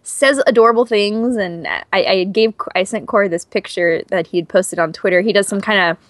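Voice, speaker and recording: A woman's voice: mid-range voice, moderate pace, no room sound. Chatty gushing woman podcast host. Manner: gushing, chatty, lots of fillers. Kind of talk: casual chat.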